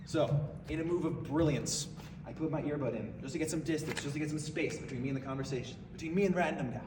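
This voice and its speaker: A man performing a stand-up comedy story, animated and prone to breaking into laughter. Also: a little high, fast talker. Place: stage in a venue. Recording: echoey hall from far off, noisy.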